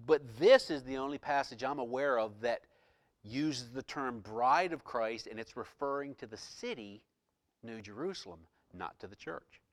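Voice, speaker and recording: A man preaching a sermon as pastor, moving between soft, hushed scripture reading and loud, impassioned preaching. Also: medium pitch, lively intonation, moderate pace, no room sound.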